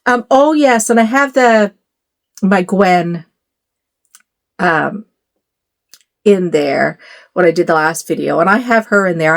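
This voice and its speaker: A middle-aged woman talks casually to her phone camera from a bedroom at home. She rambles and wanders off on little asides, with plenty of fillers. Her voice sits at an average pitch. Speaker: doll collector vlogger.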